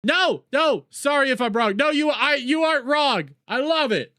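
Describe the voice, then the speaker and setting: A young man streaming live, reacting to clips and reading chat, excitable, mocking and profane. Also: extremely high pitch, normal speed, dry recording, clean studio sound.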